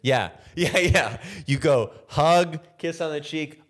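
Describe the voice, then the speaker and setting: A man with a fairly high, slightly slow voice hosts a comedy podcast, riffing jokingly and acting out little bits in other voices. His manner is animated and jokey. He's recorded on a camera mic with no boom arm.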